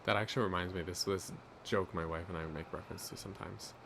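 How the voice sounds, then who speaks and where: Goofy low-voiced man streaming a game. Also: steady tone, fast, creaky, noisy background. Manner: goofy, rambling storytelling with frequent restarts. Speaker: gaming streamer. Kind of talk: casual gameplay commentary.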